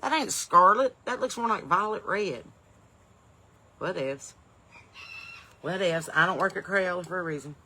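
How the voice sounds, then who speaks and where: Woman comedian, crisp and sharp-toned, runs a casual live stream from her porch with an upbeat, folksy flow. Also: fairly low pitch, lively intonation, a little fast, few pauses. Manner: folksy, upbeat, bursts of loud welcomes between rambling asides. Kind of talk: chatty live-stream greetings to viewers. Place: home porch in the evening.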